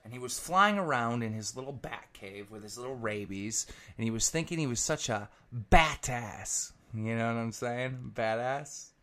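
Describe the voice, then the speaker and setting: A man commentator telling a rambling, profane comic story with animated energy. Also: mid-range voice, moderate pace, few pauses.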